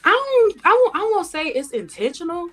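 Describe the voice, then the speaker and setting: A woman's voice: very high voice, big pitch swings, moderate pace, soft background music. A woman panelist on a podcast, speaking bluntly and passionately in slangy casual talk. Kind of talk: heated podcast debate. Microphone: studio podcast mic.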